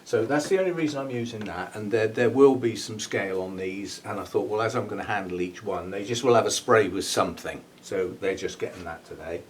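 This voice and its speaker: Brisk and barely pausing, this man speaks in a lowish voice as he hosts his own orchid channel, chatting through some hands-on work and laughing at himself now and then. The rough recording catches him away from the mic, with a faint hum of background noise.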